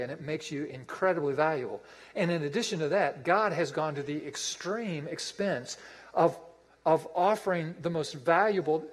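A man's voice: fairly high pitch, long reverb tail, rough recording. A man preaching a sermon as pastor, emphatic and repeating his phrases for effect.

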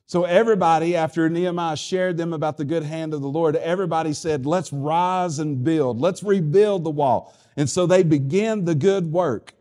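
A man preaches a sermon in a high voice. He drives his points home with repeated phrases and calls out to the congregation for responses. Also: normal speed, few pauses, dark tone. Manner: emphatic, repetitive preaching with call-and-response. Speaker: pastor.

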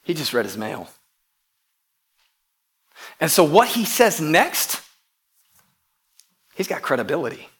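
A man preaching a sermon to his church, emphatic, often repeating words and dropping from loud to hushed. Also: fairly high pitch, big pitch swings, slow, pauses often. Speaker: pastor.

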